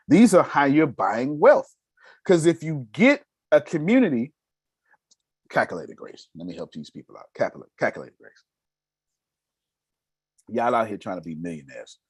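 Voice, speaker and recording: A raspy-voiced man giving a motivational business lesson, emphatic and casual, firing off rhetorical questions. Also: medium pitch, no room sound. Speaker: business mentor. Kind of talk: motivational teaching.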